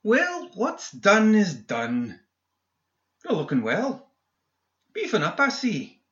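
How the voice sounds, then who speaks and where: A man putting on a high sneering doctor. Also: huge pitch swings, slow pace, fairly bright tone, roomy sound, highs cut off, exaggerated voice. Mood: sarcastic. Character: sneering sarcastic middle-aged male doctor, the uncle.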